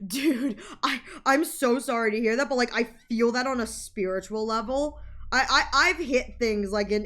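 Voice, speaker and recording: A woman with a slightly high voice chats casually on her art stream, rambling from one story to the next. She fills her talk with fillers and acts out what other people said to her. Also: fairly bright tone. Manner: chatty and rambling, with frequent fillers and laughter. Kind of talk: casual chat while drawing on stream.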